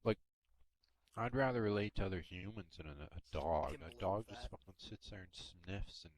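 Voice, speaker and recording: A man's voice: sits low, moderate pace. A man in a casual voice chat who talks bluntly, swears a lot and speaks while eating. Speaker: voice chat participant. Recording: faint background noise.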